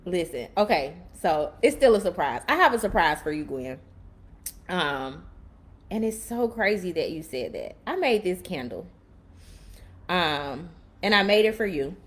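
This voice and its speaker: Woman on a live stream, cussing, preaching to viewers, kinda low voice. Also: lively intonation, unhurried. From Chicago, USA. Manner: blunt, profane, preacherly. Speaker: livestream host. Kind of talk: casual livestream talk to viewers.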